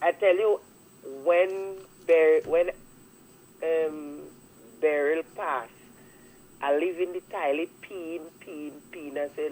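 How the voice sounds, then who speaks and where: A Grenadian man calls into a talk radio show over the phone, his voice very high. He speaks slowly in a distressed, rambling way, his emotion spilling through. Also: fairly even intonation, slight background noise, poor audio. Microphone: telephone call.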